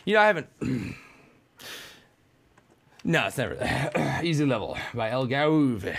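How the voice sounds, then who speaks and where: A man giving excitable, frustrated commentary while playing a video game, yelping and ranting. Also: fairly high pitch, slow pace, vocal fry, slight background noise. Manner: excitable, frustrated, yelps and rants. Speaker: gamer. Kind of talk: gameplay commentary.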